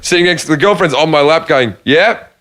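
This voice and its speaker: Smooth-voiced man in joking chat. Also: a little high, fairly bright tone. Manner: joking, laughing, quick retorts. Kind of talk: casual chat.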